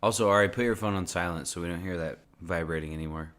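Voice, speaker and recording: A man's voice: low voice, fast talker, a bit bright. A man co-hosting a casual podcast, rambling with many likes and restarts. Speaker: podcast co-host.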